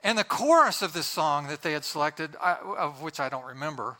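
A middle-aged man preaching, telling a funny church story in an animated way, laughing as he goes. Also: on the high side, moderate pace. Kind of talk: sermon with a humorous story.

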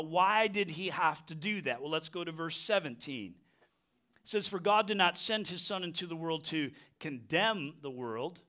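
A man preaching a sermon as pastor, earnest and conversational, often asking "right?" and slowing down to stress key phrases. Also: high-pitched, sharp tone.

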